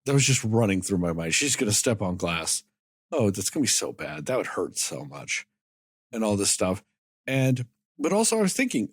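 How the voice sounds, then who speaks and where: Male podcast co-host, husky and dry-miked, excitable, salty language. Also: on the low side, moderate pace, no echo. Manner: animated, swears freely, acts out characters' lines. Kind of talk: casual movie review chat.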